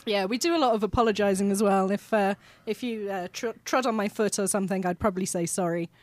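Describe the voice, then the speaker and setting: A woman's voice: mid-range voice, quick pace, a little mellow, no echo. Hesitant, polite British woman. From Britain. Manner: hesitant, polite, many fillers. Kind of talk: casual chat.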